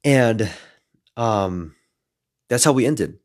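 A man in his twenties, a podcast host telling a story in casual, lively style, adding some playful swearing. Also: medium pitch, extremely slow. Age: 20s.

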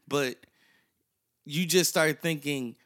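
A man chatting casually on a podcast, telling stories with animated quoting. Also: a little high, takes it slowly. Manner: animated storytelling, mimics texts and quotes loudly.

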